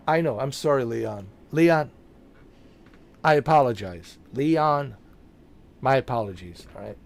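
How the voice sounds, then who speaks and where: A man's voice: medium pitch, very animated, a little slow, vocal fry. A man streaming a video game, chatting casually and joking with his viewers, laughing often. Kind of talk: casual live-stream commentary.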